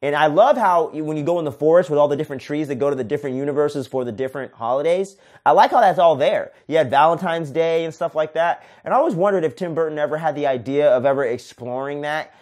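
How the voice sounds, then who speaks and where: Excitable, profane male film reviewer. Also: fairly high pitch, fast, few pauses. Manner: enthusiastic, profane, says "man" often. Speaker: podcast host, film reviewer. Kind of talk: casual solo movie review.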